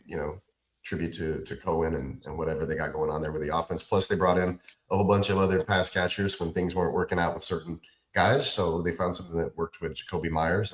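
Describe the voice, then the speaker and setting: A man hosting a fantasy football podcast, giving laid-back analysis, shout-outs and sponsor plugs. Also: sits low, reverberant. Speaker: podcast host. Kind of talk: casual sports chat.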